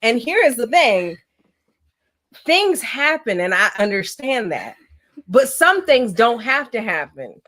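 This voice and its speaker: A woman's voice: a little high, sing-song, takes it slowly, a bit bright. A middle-aged woman hosting a casual family livestream, talking with her kids in a teasing, motherly way. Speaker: host.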